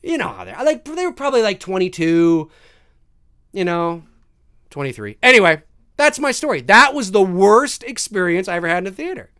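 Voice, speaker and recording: A man hosts a casual live stream, telling a story to his viewers. His pitch leaps up and down as he acts out scenes and swears freely. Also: big pitch swings, moderate pace, pushed and bright, smooth. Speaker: live-stream host answering viewer questions.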